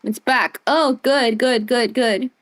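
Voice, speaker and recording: A woman's voice: on the high side, fairly even intonation, slow pace. A young woman streamer giving casual, playful gameplay commentary, giggling often and rambling.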